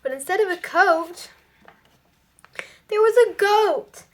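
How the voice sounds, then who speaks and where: Slow, high-voiced woman reading a picture book. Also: expressive. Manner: slow, careful storytelling. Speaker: storybook reader.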